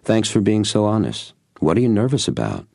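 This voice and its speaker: A man voicing a calm, probing male mentor in an audiobook, patient and gently confronting. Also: on the low side, fairly quick, vocal fry, no echo, clean studio sound, voice pushed up, exaggerated voice. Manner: calm, stern, patient questioning. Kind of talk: audiobook reading.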